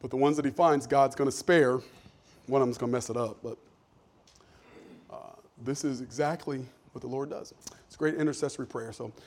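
A pastor preaching a sermon, conversational at first and building to loud, emphatic questions. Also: male voice, mid-range voice, steady tone, brisk, long pauses.

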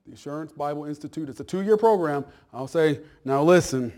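A man's voice: on the high side, animated, a little fast, a little mellow. A man preaching a sermon as pastor in a church, talking in a folksy, conversational way, repeating words and checking in with his listeners. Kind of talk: sermon and Bible class announcements.

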